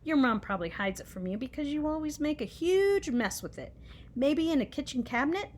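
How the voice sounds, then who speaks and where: A woman's voice: high-pitched, expressive, a little fast, a little mellow, slight background noise, pitched above the performer's own voice. Lady doing a sneaky old monster woman, cooing and scheming, swoops up and down. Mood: frantic scheming. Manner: wheedling, shifting into a cooing baby voice. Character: sly ancient female monster, childish and scheming.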